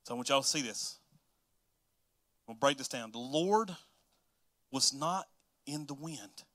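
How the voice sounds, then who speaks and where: A male pastor preaching a sermon, moving between hushed, soft passages and loud, emphatic lines with repeated rhythmic phrases. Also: medium pitch, animated, a little slow.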